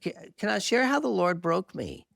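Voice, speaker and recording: Middle-aged male therapist guest, fairly high voice, gravelly, expressive storyteller. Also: moderate pace, no room sound, clean studio sound. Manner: animated, earnest testimony with self-deprecating laughs. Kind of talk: candid storytelling interview.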